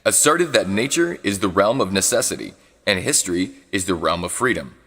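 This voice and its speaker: A man with a deep voice and lively intonation gives a live reading of a philosophy book in a large hall, his tone a bit bright. He reads haltingly, restarts to fix misread words, and adds asides when unsure how to pronounce foreign terms.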